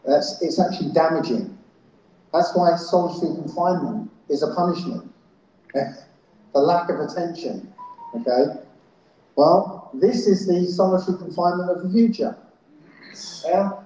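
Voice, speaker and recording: A warm, somewhat high male voice moves at a moderate pace with long pauses, and there's slight background noise. He's a conference speaker giving a live talk in a festival hall, often checking in with "yeah?" and "right?". The hall sounds very echoey.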